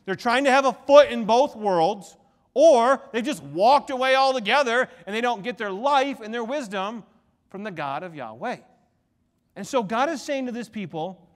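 Animated, high-voiced male pastor preaching. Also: in a large hall. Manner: animated storytelling, quick shifts between soft and loud. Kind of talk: sermon. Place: church sanctuary.

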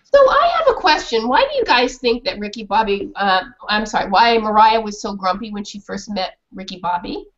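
A woman's voice: mid-range voice, big pitch swings, moderate pace, fairly bright tone, muffled recording. A woman children's author reading her story and asking a class questions, heard over a video call.

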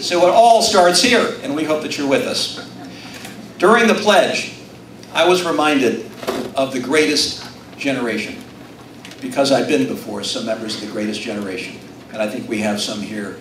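A man's voice: a little high, distant mic, noisy background. Middle-aged man giving a rousing stump speech. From Utah, US. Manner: rousing, self-deprecating humor. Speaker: political candidate. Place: event room before a live audience. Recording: echoey room, recorded from afar.

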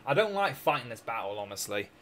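A man's voice: medium pitch, sing-song, fast talker, sharp tone, slight background noise. A young Scottish man with a sore throat, chatting casually and joking while streaming a strategy game. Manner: rambling, chatty, jokey, laughs often. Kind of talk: casual live-stream chat.

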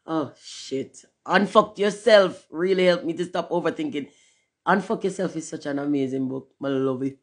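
A woman talking candidly to her viewers in a casual livestream monologue, cursing freely and slipping into patois. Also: moderate pace. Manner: candid, profane, swings between loud emphasis and low murmurs; drifts into patois phrasing. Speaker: channel host.

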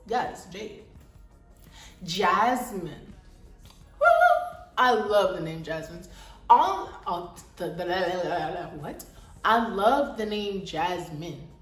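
A woman's voice: mid-range voice, recorded from a distance. A woman chatting animatedly and slangily to her viewers in a casual vlog. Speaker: mom vlogger. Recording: echoey room, voice a bit off-mic, light music.

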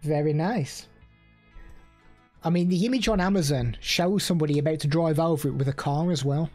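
Husky streamer chatting casually. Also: male voice, a little high, fairly quick, darkish tone, faint music behind. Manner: chatty, rambling, reads out chat messages. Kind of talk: casual live stream chat.

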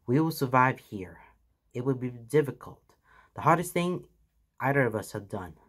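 A man voicing a weary, solemn older mentor hero in a fan fiction reading, speaking slowly and gravely. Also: mid-range voice, animated, a bit bright. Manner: grave, slow and deliberate.

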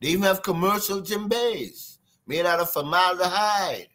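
A man with a Trinidadian accent, a guest drummer telling stories in an interview, lively and sing-song, imitating drum sounds. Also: sits high, measured pace. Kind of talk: animated storytelling interview.

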